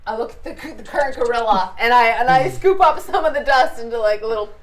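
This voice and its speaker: A woman playing in a tabletop game, animated and excitable, laughing often. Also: a little high, fast. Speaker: player.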